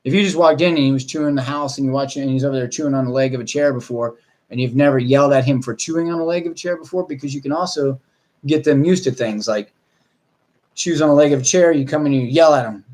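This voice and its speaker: A man's voice: medium pitch, steady tone, fast, a little mellow. A man, a dog trainer, talking casually to viewers in a rambling, blunt way with mild swearing.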